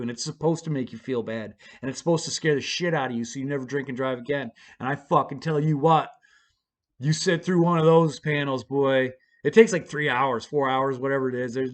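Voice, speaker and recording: A man's voice: mid-range voice, fairly even intonation, a little fast. A man casually telling his own story in a blunt, profane, rambling way, with frequent restarts.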